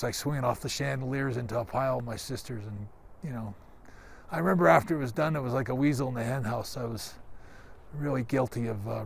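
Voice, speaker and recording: A man's voice: medium pitch, creaky, a little hiss or hum. A man in his sixties from Canada telling childhood stories in a rambling, reminiscing way with many restarts, standing outdoors. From Calgary, Canada. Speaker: guest giving a tour. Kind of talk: casual storytelling.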